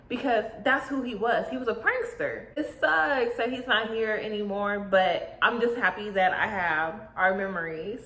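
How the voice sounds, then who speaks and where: A young adult woman telling a story in a casual, chatty vlog, animated and full of slang. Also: mid-range voice, moderate pace. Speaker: YouTube vlogger. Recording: echoey room.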